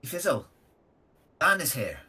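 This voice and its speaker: A man's voice: on the high side, wildly swooping pitch, unhurried, sharp tone, slightly rough, recorded from a distance. A man chatting as a player in a tabletop game, teasing and wry. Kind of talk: casual tabletop game chat.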